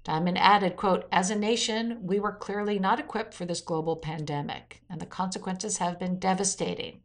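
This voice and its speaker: A woman's voice: on the low side, fairly even intonation, normal speed. Woman reading a weekly news roundup. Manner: reads quotes aloud, adds blunt opinion asides. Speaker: news commentary host.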